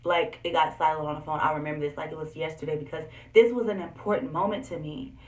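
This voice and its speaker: A young woman with a slightly low voice talks to her viewers about her own life in a candid, animated way. She sits a little back from the mic, and the room gives her voice a noticeable echo. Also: fast talker, recorded from a distance. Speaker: vlogger. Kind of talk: personal storytelling vlog.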